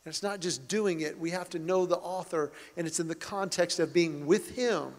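A middle-aged man preaches with a notably high voice, earnest and emphatic as he builds each point. His words ring out with the long reverb of a large church hall. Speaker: pastor. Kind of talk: sermon.

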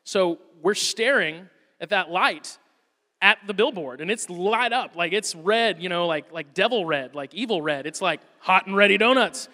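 Male pastor, 30s, high bright voice, animated storyteller; long hall reverb. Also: normal speed. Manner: lively storyteller, acts out his kids' voices. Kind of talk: sermon with a personal story.

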